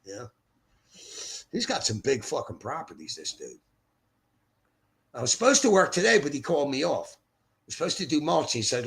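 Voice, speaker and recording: A man's voice: mid-range voice, big pitch swings, normal speed, pauses often. Profane, rambling older livestream guy. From Philadelphia. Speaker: livestream host. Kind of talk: rambling casual livestream chat. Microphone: streaming setup mic.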